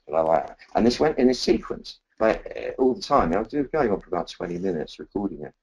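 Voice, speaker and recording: A man giving a meditative spiritual talk, rambling and unhurried with many fillers and restarts. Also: low-pitched, big pitch swings, gravelly, a little mellow, slightly rough, dull audio. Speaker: spiritual teacher.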